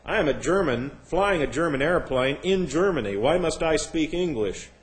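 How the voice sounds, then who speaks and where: A man's voice: fairly high pitch, expressive, moderate pace, natural voice. A man doing an indignant airline pilot.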